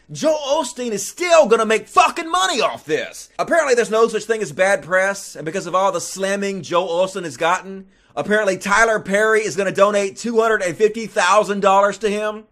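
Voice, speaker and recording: A man doing a profane, mocking comedic rant, often shouting. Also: high voice. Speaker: comedic commentator.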